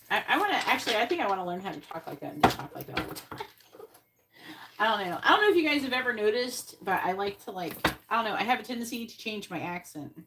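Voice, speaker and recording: A woman's voice: mid-range voice, heavy background noise. Chatty woman reading tarot cards live. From Florida. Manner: chatty, thinks aloud between card pulls. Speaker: psychic reader.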